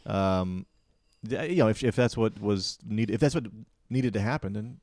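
Young man, lowish pitch, deadpan crude humor, halting delivery, dry close recording. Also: no echo. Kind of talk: crude casual chat.

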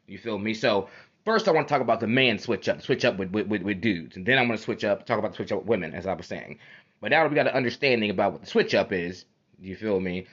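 A podcast host with a lowish, slightly bright voice talks fast and animatedly in a heated, profane, casual monologue, repeating phrases for emphasis. The recording sounds dull and lo-fi.

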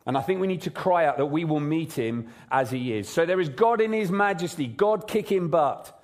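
A man preaching a sermon in a church service, praying and then talking in a lively, conversational way full of rhetorical questions. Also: a little high, moderate pace. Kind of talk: sermon with prayer. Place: church service, also streamed online.

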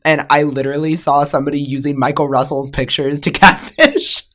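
A woman's voice: sits low, fairly even intonation, a little fast, a bit bright. A young woman co-hosting a podcast, chatting casually with lots of laughs and fillers. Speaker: podcast co-host. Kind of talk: casual chat.

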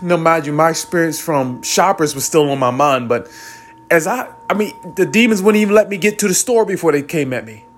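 Young man, slightly high voice, earnest, rambling, restarts often, tearful at moments, faint music behind. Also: fairly quick. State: tearful at times. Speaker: vlogger. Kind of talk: personal spiritual storytelling.

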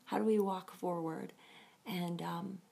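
A woman's voice: lowish voice, fairly even intonation, measured pace, creaky, warm tone. A woman hosting a casual devotional talk, often laughing and thinking aloud as she goes. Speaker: host of a devotional show.

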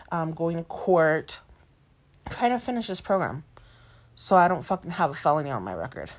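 A defiant woman in her late twenties rants about her life, swearing heavily and circling back to the same points. Her voice sits a bit low, and she drops into Spanish mid-sentence now and then. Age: 20s. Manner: heavy swearing, defiant, repeats herself; switches between English and Spanish. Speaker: single mother. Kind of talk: venting monologue to camera.

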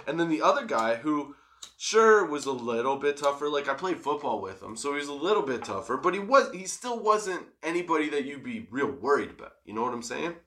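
Young guy telling a wild story, swears a lot, laughs, bouncy bright voice. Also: a little high, brisk. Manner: profane, laughing, animated retelling. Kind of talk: casual storytelling.

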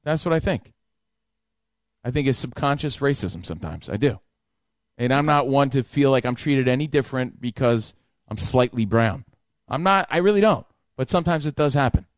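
A man telling a story in casual chat, animated, heated and profane. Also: mid-range voice, moderate pace, no room sound, studio quality.

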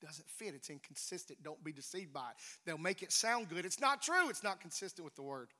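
A man preaching a sermon, emphatic, swinging between loud declarations and hushed near-whispers. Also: fairly high pitch, animated, a little fast. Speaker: pastor. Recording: reverberant hall.

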